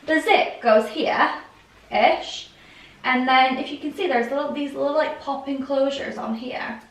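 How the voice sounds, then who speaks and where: A woman's voice: high voice, a little slow, a little hiss or hum. A young British woman chatting casually in a dress try-on haul at home, gushing and chatty with lots of fillers. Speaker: fashion vlogger. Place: room at home with a heater. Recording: roomy echo, mic at a distance.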